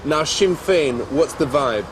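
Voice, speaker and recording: A clueless slang-talking interviewer. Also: male voice, on the high side, expressive. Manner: mock street slang, deliberately ignorant questions. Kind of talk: comic prank interview. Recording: TV interview with background noise.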